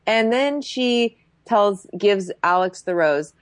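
A woman's voice: mid-range voice, measured pace, hardly any pauses, no room sound. A woman casually chatting as a podcast co-host, recapping a reality show and acting out quotes with lots of fillers. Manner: expressive, acts out quotes, frequent fillers.

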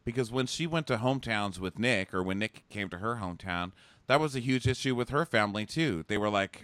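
A man's voice: lowish voice, lively intonation, a little fast, a bit bright, no echo. A young man co-hosting a casual recap chat, snarky, acting out people's lines in mocking voices. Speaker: podcast co-host.

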